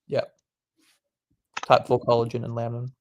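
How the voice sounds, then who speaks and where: A man's voice: mid-range voice, monotone, normal speed. A young man, a medical student, reading quiz questions aloud and explaining the answers in a laid-back, casual way. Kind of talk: casual quiz study session.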